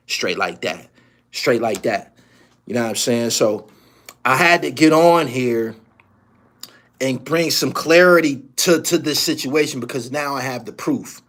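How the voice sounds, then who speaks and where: A man's voice: medium pitch, expressive, a bit bright. A man hosting his own channel, delivering a heated, profane sports rant full of slang and repeated lines. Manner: heated, rapid-fire, repetitive rant with heavy slang. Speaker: host. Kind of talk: profane ranting sports commentary.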